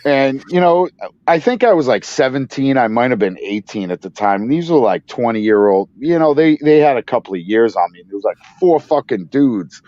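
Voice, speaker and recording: A man in casual podcast chat, swearing freely and getting loud when worked up, on a dull, dry recording. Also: medium pitch, animated, moderate pace, no room sound.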